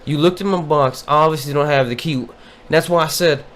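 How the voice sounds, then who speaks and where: A man's voice: a little high, quick pace, a bit bright. A man co-hosting a casual podcast, telling a profane, exasperated story about a coworker. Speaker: podcast co-host. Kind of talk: casual chat.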